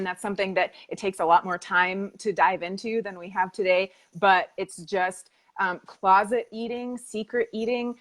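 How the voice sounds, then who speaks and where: A woman's voice: fairly low pitch, fairly bright tone. A woman co-hosting a live faith-based weight loss coaching chat, talking in an earnest, confessional way.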